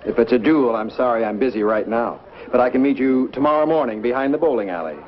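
A man's voice: mid-range voice, fast, lightly acted. A man playing a dry, sarcastic boss in 1950s TV sitcom style, on a dull old soundtrack.

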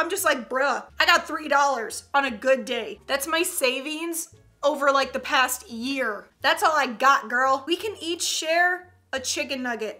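Reacting to memes, a young woman YouTuber in her twenties has a high, bright, forceful voice. Her commentary is casual and comedic, chatty with frequent laughter and playful slang.

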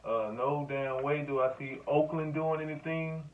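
A man's voice: on the high side, fairly even intonation, moderate pace. Rambling man, tinny distant sound. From Louisiana. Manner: rambling, profane, talks straight to camera. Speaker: sports vlogger. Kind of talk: casual sports rant to camera.

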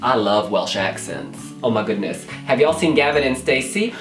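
An American man chats in a bouncy voice with big swings in pitch, gushing and exclaiming as he reacts. The sound is roomy and echoey, with faint music underneath. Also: moderate pace. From United States. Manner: animated and exclamatory, calls the viewer honey. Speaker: Eurovision blogger. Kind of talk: casual vlog reaction.

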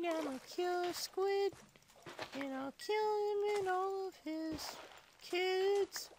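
A man's voice: slight background noise, exaggerated voice. A man putting on a whiny little boy's voice for a comedic game play-along, rambling rude silly remarks. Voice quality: squeaky high-pitched.

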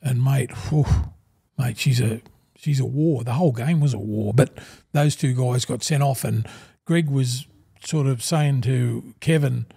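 Gravelly Australian older man. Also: mid-range voice, measured pace, dark tone. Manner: rambling and blokey, peppers talk with "mate". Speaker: guest, former rugby league forward. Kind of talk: casual storytelling in a podcast interview.

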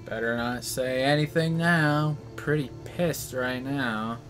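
A woman's voice: a bass voice, takes it slowly, soft background music. A woman giving live gameplay commentary, frustrated and exasperated, swearing at the game. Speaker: gamer doing live commentary.

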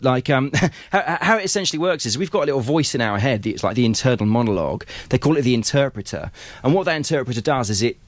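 A man, an author telling stories at a bookshop event, animated and laughing often, with many restarts. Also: mid-range voice, dry recording.

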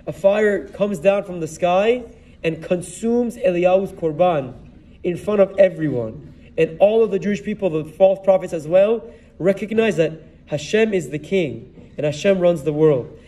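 A rabbi with a high voice retells a Bible story as a sermon, weaving Hebrew words and verses into his English telling. His voice is picked up from some distance from the microphone. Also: animated, normal speed, mellow. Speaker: rabbi giving a Torah talk.

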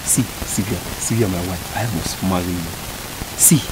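An actor playing a worried, broke young boyfriend who pleads and flatters his girlfriend. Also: low voice, unhurried, very noisy. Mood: pleading. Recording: background film music.

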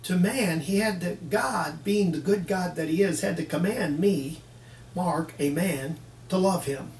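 A man's voice: high-pitched, measured pace, a little mellow. A man preaching a folksy sermon who acts out both sides of little dialogues with the congregation. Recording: echoey room, mic at a distance, faint background hiss.

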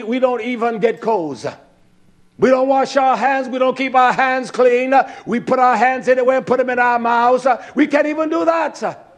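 A man preaching with fire, cursing and swinging from shouts to hushed asides. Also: very high voice. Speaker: religious teacher. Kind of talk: impassioned preaching.

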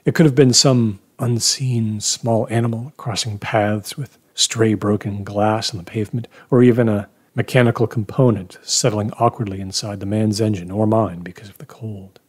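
Husky-voiced man narrating horror. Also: fairly even intonation, darkish tone. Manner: measured, low-key, dips into near-whispers. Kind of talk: first-person story narration.

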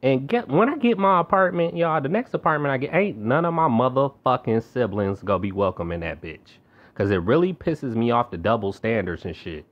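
Young man, heated profane rant, mid pitch, slightly dull lo-fi sound. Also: animated, fairly quick. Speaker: vlogger. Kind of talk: angry rant to camera.

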